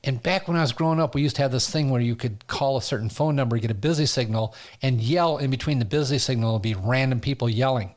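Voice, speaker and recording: A man, a stand-up comedian, telling stories as a guest in a casual interview, animated and often laughing. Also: mid-range voice, fast, hardly any pauses. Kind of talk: casual storytelling.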